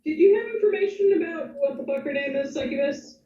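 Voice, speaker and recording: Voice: high-pitched, animated, fairly quick, dark tone. A player in a tabletop game, joking and swearing casually while laughing. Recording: distant, echoey, dull remote audio.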